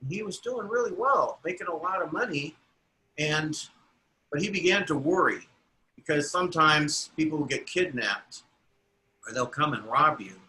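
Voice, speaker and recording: Man doing a grieving cleaning woman, subdued and pleading, bright tense sound. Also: fairly high pitch, moderate pace, slight background noise, rough recording. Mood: quiet. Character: grieving middle-aged immigrant cleaning woman.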